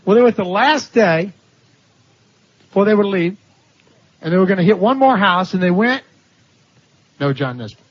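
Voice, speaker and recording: A man's voice: high voice, moderate pace, long pauses. A man preaching a sermon, telling stories with animation, laughing and acting out the voices of the people in them. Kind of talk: sermon storytelling. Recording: dull lo-fi sermon recording.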